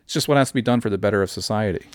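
A man with a South Jersey accent who talks quickly and rambles from one riff to the next as he co-hosts a podcast. His voice sits a bit low, and the recording is dry and close. He swears freely throughout. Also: no room sound. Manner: rapid, rambling riffs, profane. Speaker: podcast co-host. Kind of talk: casual chat.

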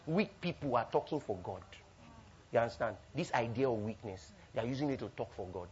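A man preaching a sermon with call-and-response, swinging between loud bursts and soft asides. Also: mid-range voice, brisk. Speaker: pastor. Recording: dull lo-fi recording.

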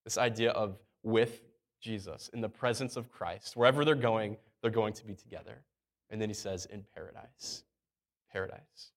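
A man's voice: fairly low pitch, moderate pace. Guy preaching, easygoing sermon, reads verses out, repeats words for weight. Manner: conversational preaching, reads scripture aloud, repeats key words. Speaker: pastor.

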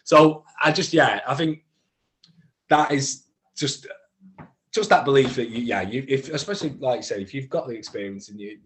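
In a casual guest chat, a male actor with a mid-range, fairly bright voice stumbles through many restarts. His halting speech gradually gathers force into emphatic advice.

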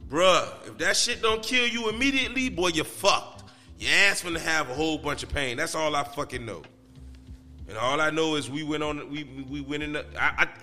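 A high-pitched man tells a story in loose, profane street talk. His voice is bright and forceful, and it sits in long reverb over faint background music. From Miami, Florida. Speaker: podcast guest. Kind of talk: casual storytelling.

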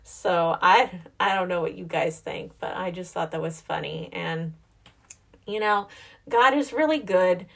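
A young woman and mother, chatting casually and rambling a little, reflective and quick to laugh. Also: fairly low pitch, creaky, fairly bright tone. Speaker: mother vlogger. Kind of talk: casual chat.

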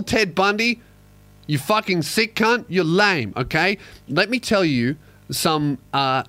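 A young Australian man with a fairly high voice rants sarcastically through a close, dry mic. He's profane and animated, with a comic podcast delivery. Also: no room sound. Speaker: podcast host, comedian. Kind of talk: comedic rant.

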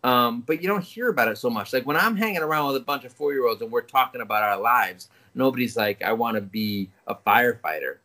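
A middle-aged man co-hosting a podcast, reading listener comments and joking with dry, deadpan sarcasm. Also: medium pitch, fast, hardly any pauses. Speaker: podcast co-host. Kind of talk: casual podcast chat.

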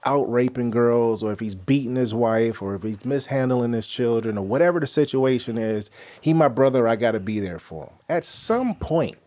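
Podcast host guy, swears a lot, animated storyteller, normal pitched voice. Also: normal speed, hardly any pauses. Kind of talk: casual chat.

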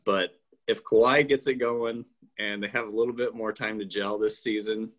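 Hesitant low-voiced man weighing in. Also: fairly even intonation, fairly bright tone. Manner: measured, hesitant, lots of ums and restarts. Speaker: podcast co-host. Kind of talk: casual sports podcast banter.

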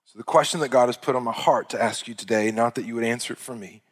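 A man preaching with fervor, his voice climbing high and loud at the peaks, then sinking to near-whispers. His voice has a middling pitch and rings out with a long reverb, as in a large church hall. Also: quick pace, husky. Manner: impassioned preaching that swells loud and high, then drops to hushed tones. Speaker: pastor. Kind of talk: sermon.

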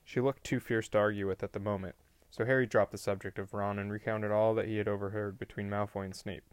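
A man with a fairly low voice reads a novel aloud, keeping the storytelling plain and even. He stumbles over a word now and then. The recording is close-miked and dry. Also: quick pace, clear, resonant tone, no room sound. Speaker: audiobook reader.

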